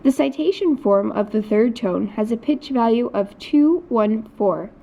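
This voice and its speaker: A woman's voice: fairly high pitch, animated, a little slow, vocal fry, dark tone. A woman teaching a recorded Mandarin lesson, explaining patiently in scripted narration. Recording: dull lo-fi recording.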